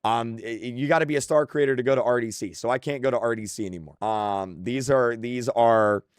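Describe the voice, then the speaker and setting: A young man pours out his frustration in an emotional rant that keeps restarting and repeating. His voice sits at an ordinary pitch and is recorded close and dry, with almost no room sound. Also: a little fast, smooth, no room sound. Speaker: content creator.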